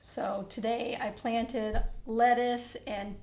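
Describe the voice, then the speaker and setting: A woman's voice: fairly high pitch, little pitch movement, takes it slowly, darkish tone. A woman, the streamer's mother, chatting casually with him in a dry, matter-of-fact way. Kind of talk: casual conversation.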